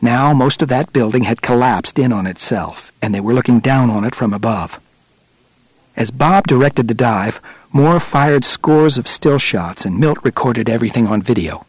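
A man with a husky, mid-range voice narrates a nonfiction audiobook at a steady, measured pace. The recording is dry and close, free of any room sound.

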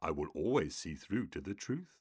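Brief: male narrator doing a cryptic old two-headed demon oracle, deep low hiss, dry studio. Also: sing-song, darkish tone, husky, dry recording, heavily acted. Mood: ominous. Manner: hissing, low and measured. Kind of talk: audiobook character voice.

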